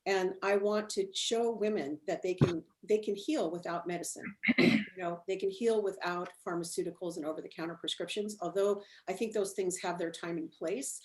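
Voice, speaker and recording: A woman's voice: lowish voice, fairly even intonation, moderate pace, darkish tone. A middle-aged woman telling her story as an interview guest, rambling with fillers and restarts and laughing often.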